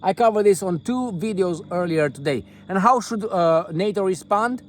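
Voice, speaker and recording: A man's voice: high-pitched, expressive, normal speed. An older man vlogging from inside a tent, giving rambling political commentary in a profane, mocking, jokey way.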